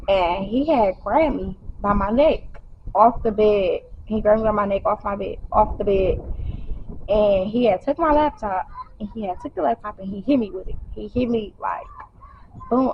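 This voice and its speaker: A woman's voice: medium pitch, dull audio, a little hiss or hum. A young woman telling a personal story casually, in a slangy, repetitive way. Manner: conversational, repeats herself, slangy. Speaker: vlogger.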